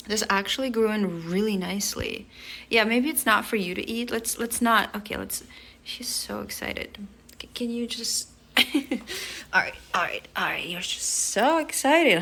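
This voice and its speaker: A woman chatting casually in a vlog, talking to her pet in a soft, doting voice with hushed asides. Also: medium pitch. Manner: soft, doting baby-talk with frequent laughs and hushed asides. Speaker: vlogger.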